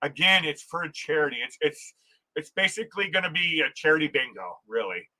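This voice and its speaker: A man's voice: a little high, animated, a little fast, bright, forceful tone, poor audio. A man hosting a casual travel livestream, reading viewer comments aloud, chatting and laughing often, restarting his sentences. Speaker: livestream host.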